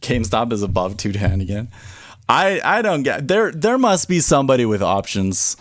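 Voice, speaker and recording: Male streamer, casual rambling chat, lively up-and-down pitch, dry close sound. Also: moderate pace, no echo. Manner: rambling, offhand, chats to his baby between market remarks. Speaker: day-trading livestream host.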